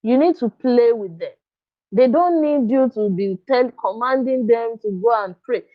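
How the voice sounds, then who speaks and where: A woman's voice: on the high side, measured pace. A woman coaching parents in a live online workshop, speaking earnestly and coaxingly and checking often that listeners follow her. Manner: earnest, coaxing, often asks "you understand?". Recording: dull lo-fi dry sound.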